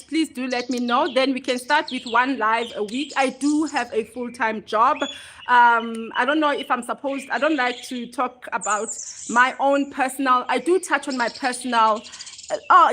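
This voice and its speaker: A woman's voice: sits high, a bit bright, a little hiss or hum. A woman in her forties, a bit out of breath, hosting a casual livestream chat into her phone and greeting viewers by name. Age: 40s. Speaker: livestream host. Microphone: phone held close.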